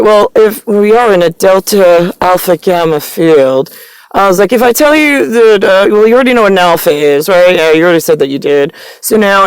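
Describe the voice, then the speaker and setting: A woman's voice: mid-range voice, clean tone, no room sound, poor audio. A woman vlogging straight to camera in a meandering, profane, stream-of-consciousness monologue. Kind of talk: rambling direct-to-camera monologue.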